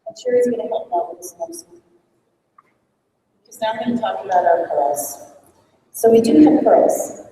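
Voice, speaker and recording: The outgoing leader of a librarians' network thanks her team at a conference breakfast in a large, echoey hall, upbeat as she reads off names, thank-yous, and announcements. Her mellow voice is on the high side, with big pitch swings, normal speed, and long pauses, recorded from a distance.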